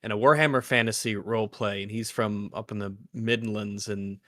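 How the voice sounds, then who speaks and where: A man talks casually on a livestream at an ordinary pitch. He rambles in long, loose sentences full of fillers and restarts. His voice is dry and close to the mic. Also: steady tone, normal speed, sharp tone, no room sound. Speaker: co-host, tabletop player.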